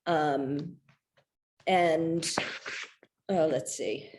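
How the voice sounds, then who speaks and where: Middle-aged woman at a book reading, candid storyteller, halting with fillers, quick to laugh. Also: low-pitched, darkish tone. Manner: candid, hesitant with many fillers and restarts, laughing. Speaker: author discussing her memoir. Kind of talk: casual talk at a reading.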